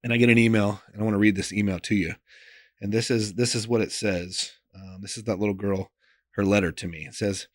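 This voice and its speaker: A man, a pastor, telling a personal story in an interview in an earnest, emotional way, often trailing off soft and quiet, with loose phrasing and many fillers. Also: fairly low pitch, steady tone, a little fast, dry recording, studio quality.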